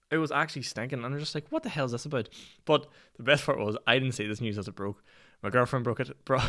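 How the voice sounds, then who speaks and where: His pitch sits in the middle and has a touch of brightness. He's a twentysomething podcast host from Northern Ireland, chatting casually on his own, telling wandering stories at his own expense while swearing freely and laughing often.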